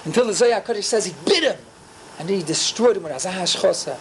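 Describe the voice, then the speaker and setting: A man teaching a Torah class, telling stories with animated swings in pitch and many rhetorical questions. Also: fast, slight background noise.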